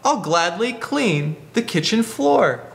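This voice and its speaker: A man voicing a helpful male porcupine who tires out, speaking in slow rhymes in a picture book. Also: high voice, sing-song, gravelly, fairly bright tone, big-room sound, exaggerated voice.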